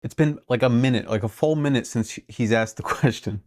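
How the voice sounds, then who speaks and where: A woman's voice: rumbling low, fairly quick, a little mellow. Chatty, sarcastic woman streamer. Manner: chatty, sarcastic, swears freely. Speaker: streamer reacting to a clip. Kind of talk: casual live-stream commentary.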